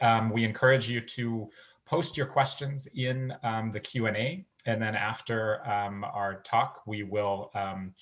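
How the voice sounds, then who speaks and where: Low-voiced guy doing the housekeeping announcements, lots of ums. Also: a bit bright. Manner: hesitant, with frequent fillers. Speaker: moderator. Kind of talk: event announcements.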